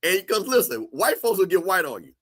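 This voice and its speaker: A man's voice: high voice, brisk. A man hosting a casual livestream, joking and talking straight to his viewers in the chat. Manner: animated, joking, talks to chat. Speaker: livestream host.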